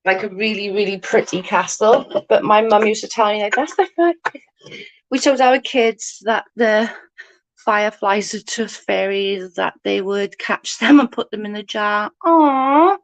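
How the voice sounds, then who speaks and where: A woman's voice: medium pitch, a little slow, no echo. Woman, 40s, rambling and giggly, livestream chat, dry sound. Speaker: livestream host. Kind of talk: casual chat with viewers.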